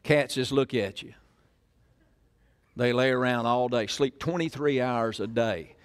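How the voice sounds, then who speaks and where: A man's voice: mid-range voice, measured pace, smooth. An older man, preaching a sermon in a church in a folksy storytelling way full of questions to the crowd. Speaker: pastor.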